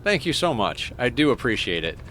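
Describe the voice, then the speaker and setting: A man's voice: mid-range voice, sing-song, brisk, a bit bright, a little hiss or hum. A young man streaming a game, chatting casually, rambling and stammering as he thanks viewers. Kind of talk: casual live-stream chat while playing.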